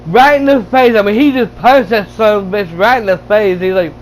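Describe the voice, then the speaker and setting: A man casually retelling a movie, excited and laughing, with lots of stumbling restarts and swearing. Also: sits high, a little fast, slight background noise, poor audio. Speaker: gaming channel host reviewing a movie. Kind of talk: casual rambling movie recap.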